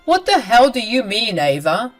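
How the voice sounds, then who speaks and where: A woman's voice: fairly high pitch, sing-song, normal speed, soft background music. A woman voicing an angry young husband who firmly defends his wife. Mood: indignant. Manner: firm, indignant.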